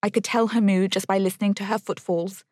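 A woman's voice: medium pitch, little pitch movement, fairly quick, a little mellow, no room sound, clean studio sound. A woman narrating a first-person novel in a wry, bitter tone.

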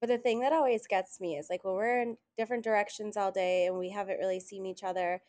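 A woman chatting casually on a podcast, telling animated stories and quoting people often. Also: medium pitch, quick pace. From Italian heritage. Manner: animated storyteller, quotes others often. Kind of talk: casual chat.

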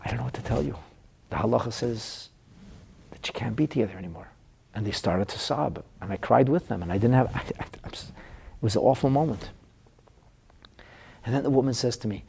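A man's voice: mid-range voice, normal speed, creaky, pauses often, darkish tone, husky. A middle-aged man teaching a Talmud class as a rabbi, telling a painful counseling story in an earnest, emotional way.

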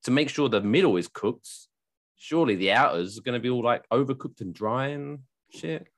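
Podcast co-host, male, lively jokey delivery, pitch swings a lot. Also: a little fast. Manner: jokey, animated, slips into silly voices. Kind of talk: casual chat.

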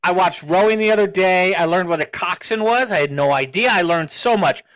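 A man hosting a casual chat, enthusiastic and halting, with many fillers and restarts. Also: high voice, fairly bright tone, rough recording. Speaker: show host.

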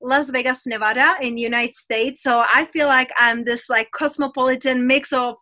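Bright, high Czech-accented woman. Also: steady tone, moderate pace. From Czech Republic. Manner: enthusiastic, talks in a rush with restarts. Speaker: guest, women's transformational coach. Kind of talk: casual chat.

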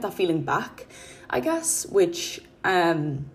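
Woman, podcast host, low voice, earnest and rambling casual monologue. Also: expressive, slow, slight background noise. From Ireland. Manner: rambling, heavy use of "like" and "um", gentle and earnest.

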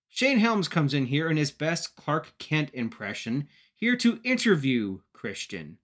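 A man's voice: on the high side, very animated, a little slow, hardly any pauses, fairly bright tone. A man from Canada giving a joking, casual wrestling recap as a podcast host. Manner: joking, chatty.

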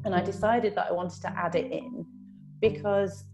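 A woman talking as a guest on a podcast, animated and often laughing, acting out little voices when she quotes. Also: on the low side, moderate pace, music in the background. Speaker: podcast guest, business owner and coach. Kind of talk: casual podcast chat.

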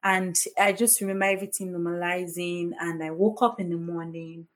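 A young Nigerian woman hosts a podcast and tells a personal story candidly, using many filler words. She founded a foundation. Her voice is lowish and level, and she speaks at a moderate pace.

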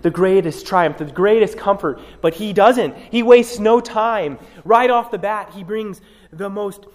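A fairly high-voiced man preaches an expository sermon from the pulpit. He drives his points home by repeating key words, pausing between them for weight. His voice rings out with a long reverb, as in a church hall. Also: darkish tone. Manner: emphatic, repeats key words with dramatic pauses. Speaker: pastor.

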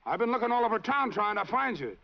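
An actor playing a friendly man worried about his friend, speaking in a lively, neighbourly way, from a dull, lo-fi old film soundtrack. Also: high voice, quick pace, vocal fry, full character voice. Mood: concerned.

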